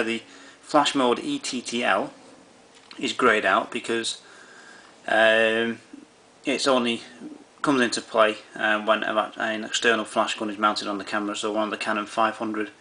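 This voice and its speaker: This man, presenting a camera tutorial, explains the settings one step at a time, casually, with lots of fillers and false starts. His voice is mid-range, pushed and bright.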